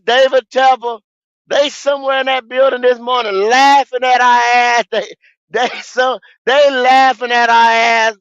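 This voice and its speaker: A man, hosting a fan podcast, ranting in a profane, repetitive way with sudden shouts. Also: extremely high pitch, dry recording, highs cut off. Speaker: podcast host. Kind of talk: football fan podcast rant.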